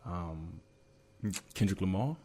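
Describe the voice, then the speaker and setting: A man's voice: sits low, animated, takes it slowly, warm tone. A man co-hosting a podcast in casual chat, blunt and opinionated and swearing. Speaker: podcast co-host.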